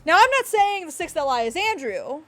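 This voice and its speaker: High-pitched woman streamer, rambling, animated, laughing and apologizing, desk thumps on the mic. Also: a little fast, faint music behind. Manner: gestures and hits the desk when excited. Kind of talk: excited livestream chat reacting to a game. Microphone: desk mic picking up thumps.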